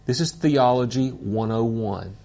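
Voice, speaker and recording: Earnest male Bible teacher, unhurried and gravelly, emotional about the text. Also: medium pitch, mellow. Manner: earnest, slow and deliberate, moved to emotion.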